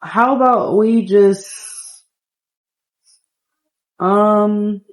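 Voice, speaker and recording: A woman's voice: medium pitch, very slow. A woman casually narrating a game story in a chatty, rambling way.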